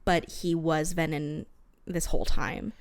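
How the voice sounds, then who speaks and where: Casual young woman podcast host, bit low pitched, excited book talk, laughs a lot. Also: unhurried, no room sound. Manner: animated, reads book quotes aloud, laughs often. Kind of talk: casual book-discussion chat.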